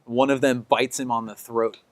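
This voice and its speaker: A man's voice: medium pitch, little pitch movement, normal speed, a crowd in the background. A man running a tabletop game as game master, describing the scene in a loose way full of fillers like "like" and "uh".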